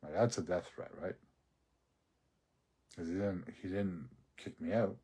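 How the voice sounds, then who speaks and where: A man's voice: sits low, unhurried, dark tone, slightly rough. A man rambling through a profane personal rant into his phone, breaking into laughs often. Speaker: social media ranter.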